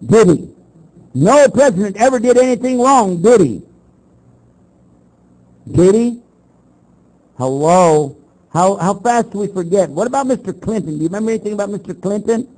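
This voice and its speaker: A man's voice: high voice, poor audio. An older man from Texas, giving a blunt lecture on his faith, acting out both sides of the exchanges in his stories and firing rhetorical questions at the audience. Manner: animated storytelling, acts out both sides of the exchanges. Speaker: Muslim preacher.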